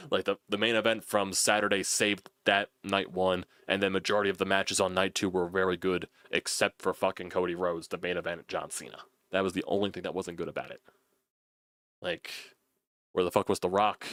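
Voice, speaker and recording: A man's voice: deep voice, fairly bright tone, no room sound. A young man with a South Philly accent, ranting through a solo fan recap with frustrated, profane commentary. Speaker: sports channel host.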